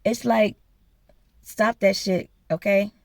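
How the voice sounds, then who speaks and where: Woman vlogger, blunt and profane, slow delivery, gravelly voice, dry sound. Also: medium pitch, fairly even intonation, no room sound. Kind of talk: casual storytelling rant.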